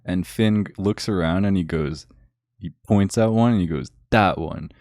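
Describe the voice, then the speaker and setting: A man's voice: sits low, normal speed, dark tone, no echo, clean studio sound. A young man recapping a film in a casual, rambling, sarcastic rant full of fillers. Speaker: vlogger.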